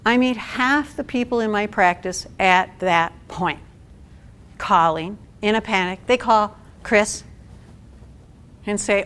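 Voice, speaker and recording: A woman social worker giving a talk to a support group, animated and acting out quotes with laughs. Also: medium pitch, slow pace, clear, resonant tone.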